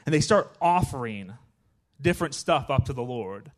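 A man giving a casual, conversational sermon in a church, chatty and animated, often checking in with his listeners. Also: mid-range voice, normal speed. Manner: chatty, animated, with frequent "right?" asides. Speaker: guest preacher.

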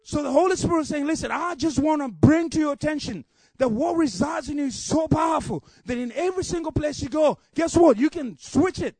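A man preaching a sermon with passion, building repeated refrains up to shouts and dropping low to tell a story. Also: animated, brisk, no echo. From Africa.

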